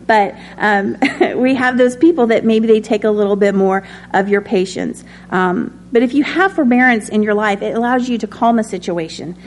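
A woman's voice: mid-range voice, normal speed, few pauses, slight background noise. A woman teaching a conversational sermon. She speaks in a personal tone, with many ums and light laughs. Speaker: Bible study teacher.

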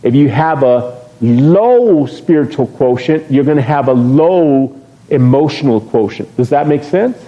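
A man's voice: mid-range voice, expressive, a little slow, warm tone. A middle-aged male pastor preaching a sermon from a church pulpit, joking with the congregation and asking them questions. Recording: dull lo-fi sermon recording.

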